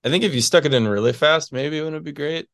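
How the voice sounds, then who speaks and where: A young man in his twenties, a physics PhD student, talks fast in a fairly high, slightly bright voice as a casual interview guest. The studio-quality audio has no echo, and his speech rambles with lots of fillers and little chuckles.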